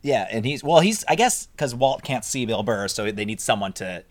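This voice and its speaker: A man's voice: lively intonation, normal speed. Rambling self-deprecating man, casual chat. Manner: rambling and self-deprecating, many restarts and sudden jumps in pitch. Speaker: podcast co-host. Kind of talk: casual chat recapping a TV episode.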